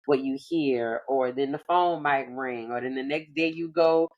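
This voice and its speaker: Low-voiced woman hosting a casual chat. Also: moderate pace, highs cut off. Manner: reflective, loose phrasing with frequent "like". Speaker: podcast host. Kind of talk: casual conversation.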